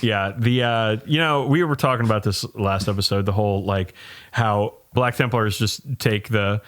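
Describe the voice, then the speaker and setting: A man co-hosting a comedy podcast, talking in an emphatic, profane way with frequent halting restarts. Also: on the low side, a bit bright. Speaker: podcast co-host. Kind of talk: casual chat.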